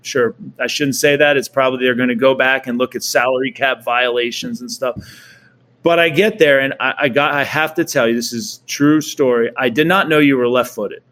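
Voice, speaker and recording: A man's voice: medium pitch, fairly even intonation, moderate pace, fairly bright tone. Guy in his 40s, ex quarterback, laid back storyteller, chuckles a lot. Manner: laughs often, acts out quoted people. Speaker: guest, former pro football quarterback. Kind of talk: casual storytelling.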